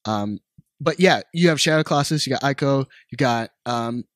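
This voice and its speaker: Man, podcast co-host, casual chat, loose and profane, dry close sound, mid pitch. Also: normal speed, no room sound. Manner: laid-back, swears a lot, laughs often.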